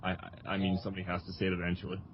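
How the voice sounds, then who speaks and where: A man chatting on a panel in a low-key, apologetic way. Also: completely flat delivery, racing, slightly rough. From Canada. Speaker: podcast panelist. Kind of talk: casual group chat. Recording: dull lo-fi call audio.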